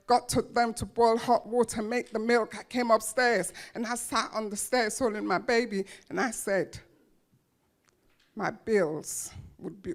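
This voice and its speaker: A woman giving a motivational speech to an audience, telling her life story with emphatic, dramatic pauses and repeated phrases. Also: on the high side. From grew up in a children's home. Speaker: motivational speaker.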